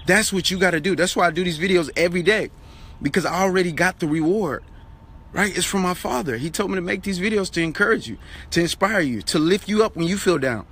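A man's voice: sits high, quick pace, a bit bright, breathy edge. Man preaching urgent daily Bible encouragement. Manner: urgent, repetitive exhortation. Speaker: online preacher. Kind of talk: motivational Bible talk to camera.

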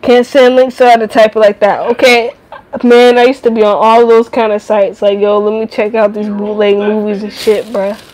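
A woman's voice: medium pitch, level tone, moderate pace, a little mellow, poor audio. A woman in her late twenties chatting casually on a livestream, profane and rambling, talking back to her chat. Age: late 20s.

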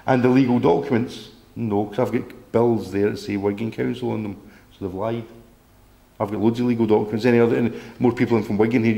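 A man's voice: fairly low pitch, a little mellow, reverberant. A man giving an emphatic, indignant public talk to an audience, rambling with restarts and the odd swear word. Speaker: speaker at a public meeting.

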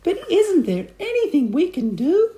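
A man reading a storybook aloud, voicing a nasty old woman with high, shrill, panicky cries. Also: huge pitch swings, moderate pace, dark tone, reverberant, full character voice. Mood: terrified.

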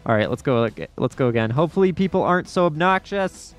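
A man giving excitable gameplay commentary as a YouTuber, yelping and laughing often as things happen. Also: on the high side, soft background music. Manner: excitable, quick to yelp and laugh. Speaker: gaming YouTuber.

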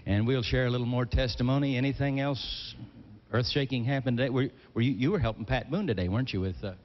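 A man's voice: medium pitch, quick pace. A man hosting a live gospel TV show, folksy and upbeat, calling out to guests and the audience. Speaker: TV show host. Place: large theater with live audience. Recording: dull old broadcast audio in a reverberant hall.

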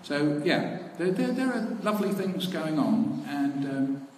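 A man's voice: on the high side, lively intonation, measured pace, a little mellow. Guy telling funny stories at a talk, chatty, laughs a lot, echoey noisy room. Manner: chatty, laughing asides, acts out quotes. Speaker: speaker at a talk. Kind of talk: anecdotal storytelling to an audience. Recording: echoey hall with background noise.

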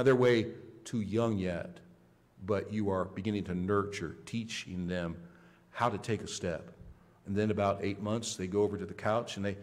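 A male pastor preaching a sermon with emphasis, swinging between loud, high rises and quiet, low drops. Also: long reverb tail. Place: church sanctuary.

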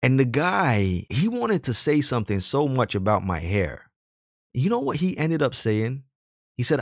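A man's voice: mid-range voice, sing-song, a little slow, dry recording, studio quality. A man giving opinionated personal commentary, earnest and argumentative, backing his points with stories from his own working life. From Jamaican heritage, raised in the hood.

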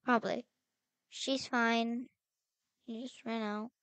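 Young woman, high and slow, role-playing a game while searching and calling out, with a smooth voice recorded close and dry. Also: steady tone, fairly bright tone, no room sound. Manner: anxious, calling out, worried searching. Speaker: game player voicing her character. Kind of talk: role-play game narration.

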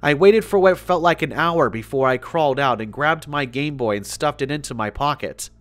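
A man narrating a first-person scary story in a measured, steady storytelling voice, reading it as a scripted tale. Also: a little high. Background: faint background music.

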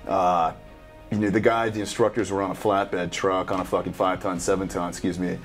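A man in his thirties, a special operations veteran, reacts to a game in casual chat, swearing constantly as he tells loose, profane stories. His voice is low-pitched with little pitch movement, and he talks a little fast over soft background music.

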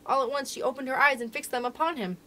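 A woman librarian reading a children's storybook aloud in an expressive, sing-song storyteller manner. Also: high-pitched, fast, a little hiss or hum.

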